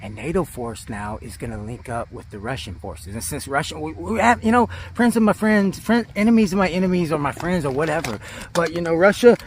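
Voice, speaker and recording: A man with a somewhat raised voice talks through his airsoft mission outdoors, swearing nonstop and rambling as he jokes. He often sinks into a low whisper. A light outdoor hiss sits under his voice. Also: fairly quick. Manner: swears constantly, rambling and joking. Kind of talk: casual profane game narration. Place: outdoors in woods.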